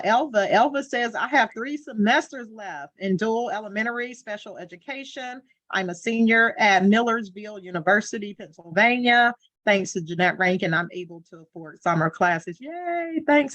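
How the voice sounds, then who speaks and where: A woman's voice: a little high, a bit bright, no echo, dull audio. A woman hosting a video call, effusive and emotional, talking in a casual, informal way. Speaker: host.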